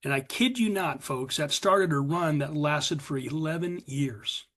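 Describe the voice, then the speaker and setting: Speaking a little slowly with a fairly bright tone, a middle-aged man from the USA tells his recovery story at a meeting. His pitch is slightly above average, and he is sincere and confessional, voicing what his former self used to say.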